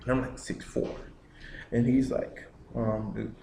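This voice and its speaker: A young man tells a story about his childhood in an unhurried, drawn-out way, padding his sentences with "you know". His mid-pitched voice bounces around a reverberant room, and a faint hum of ambience sits underneath. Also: sing-song, creaky, dark tone. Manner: rambling, full of "you know" fillers. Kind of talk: casual personal storytelling.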